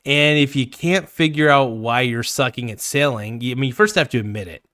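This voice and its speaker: A man's voice: mid-range voice, brisk, no echo. Podcast host, male, blunt casual talker, dry close mic. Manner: blunt, swears freely, animated. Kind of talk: casual chat.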